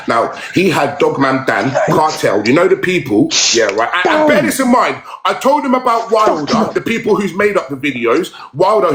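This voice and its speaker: A man ranting angrily on a phone livestream, swearing hard and taunting someone over and over. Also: mid-range voice. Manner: aggressive, swearing, repetitive taunts. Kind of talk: angry livestream rant. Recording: roomy echo.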